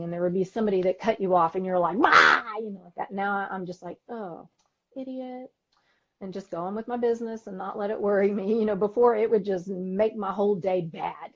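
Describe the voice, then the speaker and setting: A woman with a Texan accent, co-hosting a podcast in casual chat, talkative and quick to laugh, acting out quotes as she tells stories. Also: mid-range voice, a little mellow, dull audio. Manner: chatty, laughs often, acts out quotes. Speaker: podcast co-host. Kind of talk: casual chat on a live stream.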